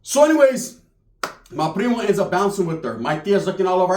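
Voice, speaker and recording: A man's voice: high-pitched, very animated, a little fast, darkish tone, a little hiss or hum. A young man telling a comedic story in profane, slangy street talk. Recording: roomy echo.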